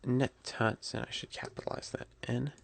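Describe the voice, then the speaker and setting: A man talking through a coding tutorial at his computer, relaxed and correcting himself as he types. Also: mid-range voice, normal speed, vocal fry, slight background noise. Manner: relaxed, self-correcting, talks while typing. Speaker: programming instructor.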